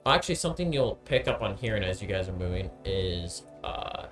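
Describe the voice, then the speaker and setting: A man's voice: sits low, big pitch swings, a little fast, music in the background. A man narrating as game master of a tabletop game, casual and hesitant with many ums and uhs.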